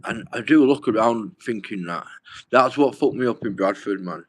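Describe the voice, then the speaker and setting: A man's voice: fairly low pitch, brisk, husky, dry recording, rough recording. A young man, rambling and swearing as he talks straight to his livestream viewers. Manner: rambling, swears a lot, addresses viewers directly.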